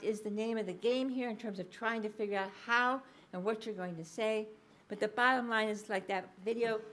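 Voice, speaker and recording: A woman delivers a public lecture, telling stories with energy and explaining research plainly. Her voice sits a little on the high side. She pauses with frequent ums and uhs as she goes. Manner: lively anecdotal storytelling, acting out quoted speech.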